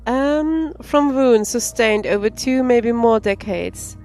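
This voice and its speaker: A woman streamer reading the game's text aloud, slow and careful, with laughing asides. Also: mid-range voice, a little mellow. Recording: faint game music behind.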